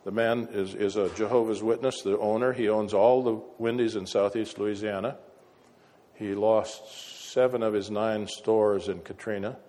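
A man's voice: fairly low pitch, fairly even intonation, moderate pace, mellow. A man preaching a sermon, telling folksy stories with wry asides. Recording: echoey hall reverb.

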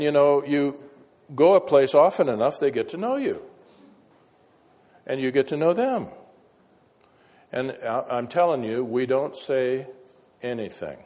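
A man's voice: mid-range voice, darkish tone. A man preaching a sermon, telling folksy stories with wry asides. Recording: echoey hall reverb.

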